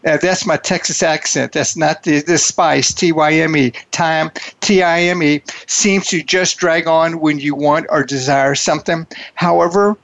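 A man hosting a radio talk show, with an effusive manner and slow, emphatic phrasing. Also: on the high side, fairly even intonation, creaky, a bit bright, dry recording. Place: studio in a large city.

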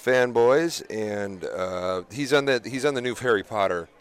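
A man's voice: medium pitch, expressive, a little slow, clear, resonant tone. A man co-hosting a casual talk show, rambling with many fillers as he lists names. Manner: rambling, hesitant, lots of fillers. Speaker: podcast co-host. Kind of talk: casual chat.

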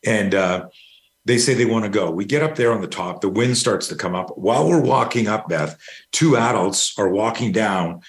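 A middle-aged man appears as a guest to talk about fear management, telling a long personal story in a rambling, casual way with the odd curse. His fairly low voice is expressive and moves at a moderate pace. It's a storytelling interview full of anecdotes.

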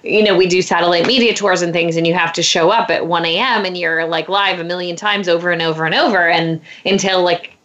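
Lower-voiced woman interviewer, chatty. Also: steady tone, brisk, few pauses, a bit bright, slight background noise. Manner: chatty, enthusiastic questioning. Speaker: interviewer, host. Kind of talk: casual interview. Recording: dull lo-fi sound.

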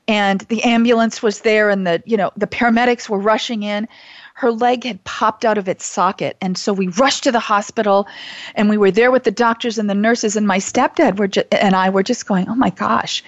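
A woman's voice: medium pitch, no echo, dull audio. A middle-aged woman hosting a call-in show for teachers, talking in an earnest, gushing way with many restarts. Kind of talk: heartfelt casual talk show monologue.

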